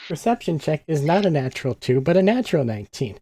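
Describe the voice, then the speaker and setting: A man playing a tabletop game, reacting excitedly to his dice rolls. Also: a little high, quick pace. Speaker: player. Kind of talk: casual chat.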